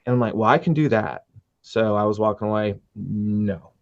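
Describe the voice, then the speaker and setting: A middle-aged man, a musician guest, telling his story with earnest, animated retellings in a casual interview. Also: lowish voice, moderate pace, no echo. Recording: dull dry sound.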